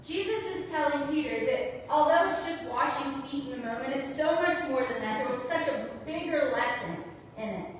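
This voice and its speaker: High-voiced woman preaching in an echoey hall. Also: normal speed, distant mic, slight background noise. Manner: conversational, acts out quoted dialogue. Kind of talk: sermon. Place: church sanctuary.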